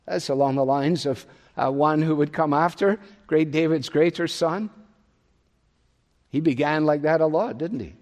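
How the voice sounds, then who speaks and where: A man preaching an expository sermon, pressing his points with loud rises and then dropping to a soft, low voice. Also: a little slow, big-room sound. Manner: emphatic, swinging between loud rises and soft drops.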